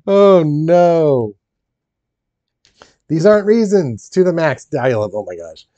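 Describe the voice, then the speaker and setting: A man's voice: on the high side, mellow, dry recording, muffled recording. A man streaming live while building a Lego set, chatting casually and rambling, laughing often and answering his chat.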